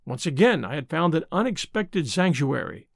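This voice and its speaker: Male audiobook narrator, first-person novel, measured, high voice, dry close sound. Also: big pitch swings, gravelly, dry recording.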